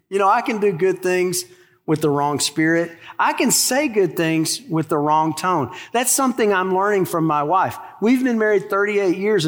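A pastor in his sixties delivers a sermon in a folksy, conversational manner, tossing asides to the congregation. His voice sits high.

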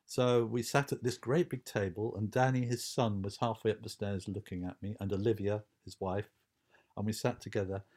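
A man's voice: on the low side, steady tone, moderate pace, a little mellow. A man telling an anecdote in a rambling, hesitant way, full of fillers and restarts. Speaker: storyteller. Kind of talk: anecdotal storytelling.

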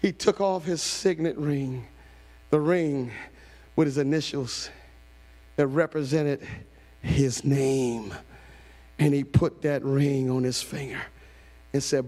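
A man pastor preaching a sermon, shifting from hushed storytelling to shouted calls. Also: medium pitch, takes it slowly, long pauses. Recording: long hall reverb.

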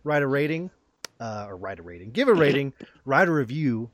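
Male podcast host, casual and rambling, with an animated, bouncy delivery. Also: mid-range voice, a little fast, dry recording. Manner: upbeat, rambling, many fillers.

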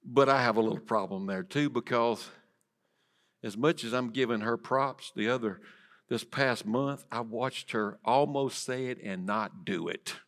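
Male pastor, mid-pitched, dynamic sermon delivery, drops to whispers for effect. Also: unhurried. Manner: dynamic preaching, swinging from loud emphasis to soft whispers. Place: church sanctuary.

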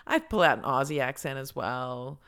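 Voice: mid-range voice, animated, normal speed, a bit bright. A podcast host in casual chat, talkative and laughing often, with many fillers. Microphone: podcast microphone setup.

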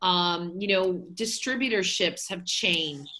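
Bright chatty American woman, rambling. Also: lowish voice, expressive, slow. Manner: chatty, rambling, many fillers. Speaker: guest, hair educator. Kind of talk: casual interview talk.

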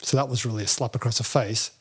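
A man, a podcast guest who tells animated, self-deprecating stories and acts out other people's lines. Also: mid-range voice, fast talker, husky. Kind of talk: storytelling interview talk.

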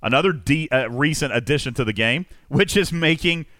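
A man's voice: a little high, animated, fairly quick, bright, forceful tone, no room sound, clean studio sound. A man hosting a casual gaming chat, teasing his co-hosts and rambling through tips. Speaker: podcast host.

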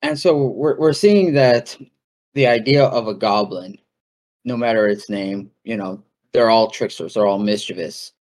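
Low-voiced man chatting about folklore. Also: a little slow, a little mellow. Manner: conversational, with fillers and asides. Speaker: podcast host. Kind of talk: casual folklore talk.

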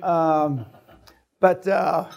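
A man speaking at a seminar, telling a story to the room in a loud, profane way and acting out sounds as he goes. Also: a little high, drawn-out words, vocal fry. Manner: profane, lively storyteller who acts out sounds. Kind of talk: storytelling to a live audience.

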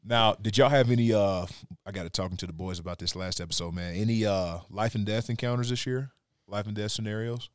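A man's voice: lowish voice, a little fast, smooth, no echo, clean studio sound. A man hosting a podcast, telling a story with energy, swearing often and acting out sounds. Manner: animated storyteller, swears freely, acts out sounds. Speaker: podcast host. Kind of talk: casual storytelling chat.

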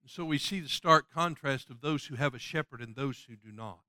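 A man preaching a sermon who swings from loud, ringing passages to soft, hushed appeals and quotes scripture in old-fashioned wording. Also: medium pitch, a little fast, no room sound, clean studio sound. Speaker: pastor.

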